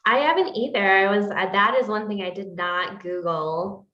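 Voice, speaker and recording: A woman's voice: mid-range voice, moderate pace, pushed and bright. A woman co-hosting a book podcast, talking in an easygoing, agreeable way and laughing often. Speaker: podcast co-host. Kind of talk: casual book review chat. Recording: roomy, dull lo-fi sound.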